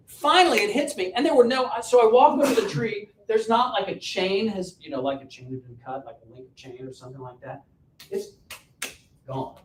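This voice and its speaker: A man coaching an audience through a joking, self-mocking personal story, told with lively energy. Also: a little fast. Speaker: business coach and speaker. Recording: roomy and distant with faint rumble.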